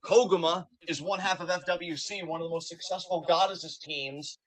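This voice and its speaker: A man co-hosting a live wrestling watch-along, giving animated play-by-play and hyping the wrestlers on a home streaming mic. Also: high voice, moderate pace. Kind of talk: live reaction commentary.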